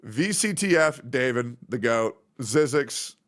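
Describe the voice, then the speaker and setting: A man's voice: lively intonation, slow, a bit bright. Man, 30s, streamer; casual, rambling, emotional. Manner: rambling, emotional, puts on high voices when quoting friends.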